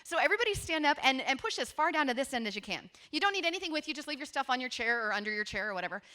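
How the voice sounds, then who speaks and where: A woman in her forties leads a workshop in a conference room, her voice bright and forceful and set a little high for a woman. She tells her stories in a lively, conversational way and turns often to speak straight to her audience. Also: racing. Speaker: workshop presenter.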